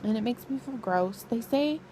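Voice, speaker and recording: A woman's voice: a little high, expressive, normal speed, mellow, slight background noise, rough recording. A young pregnant woman vlogging casually from bed, rambling and laughing as she talks to her camera. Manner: chatty, rambling, laughs often. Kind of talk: casual pregnancy vlog chat. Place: lying in bed at home.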